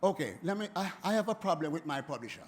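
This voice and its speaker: Animated high-voiced Jamaican man in his seventies. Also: fast. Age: 70s. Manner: animated, emphatic, repeats himself. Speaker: music producer speaking at a forum. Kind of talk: impassioned spoken address.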